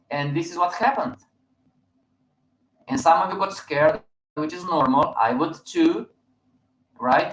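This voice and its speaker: A market educator hosts a live webinar, speaking emphatically and regularly checking in with his listeners. His voice is a little high and a bit bright, heard through roomy, dull stream audio.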